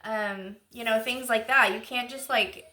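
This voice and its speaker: Bright-voiced, chatty woman tarot reader. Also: fairly high pitch, fairly even intonation, a little slow. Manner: chatty and emotional, rambling with fillers. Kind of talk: casual channeled tarot reading.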